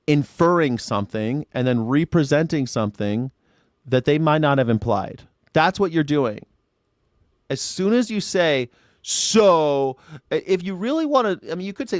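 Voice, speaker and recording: Ranting male livestream host, lively pitch. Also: moderate pace, pauses often, dry recording, clean studio sound. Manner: ranting, mocking callers' phrasing. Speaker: talk show host. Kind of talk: casual livestream chat.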